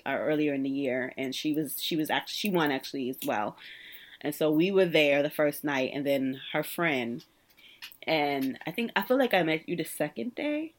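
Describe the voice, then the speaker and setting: A young adult woman from Brooklyn with a New York accent, telling stories in a casual chat, laughing often and acting out quotes. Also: deep voice. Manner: animated storytelling with frequent laughter and voiced quotes.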